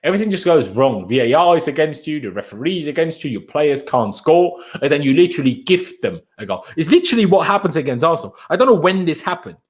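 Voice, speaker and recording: On a fan channel's post-match live stream, a young male host talks fast in a sing-song voice on the high side, with few pauses. Exasperated, he rants, repeats himself, and trades banter with chat viewers.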